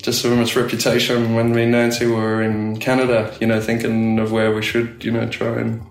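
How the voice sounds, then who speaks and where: A man's voice: medium pitch, monotone, brisk, echoey room, faint music behind. An Australian man chatting casually as an interview guest, rambling with lots of fillers and laughs. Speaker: tattoo studio owner, guest.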